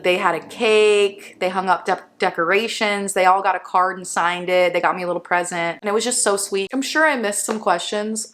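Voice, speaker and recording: A young woman speaks straight to her camera in a candid vlog. Her pitch sits in the middle of the usual range for a woman, and her talk is frank, casual and loose, with swearing mixed in. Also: fairly bright tone. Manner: frank and casual, swears freely, reads viewer questions aloud. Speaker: vlogger.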